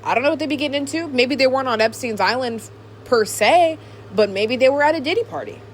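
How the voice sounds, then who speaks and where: Animated, higher-voiced woman ranting. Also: fast, a little hiss or hum. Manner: animated, ranting, many fillers. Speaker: podcast host. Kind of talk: casual opinionated chat.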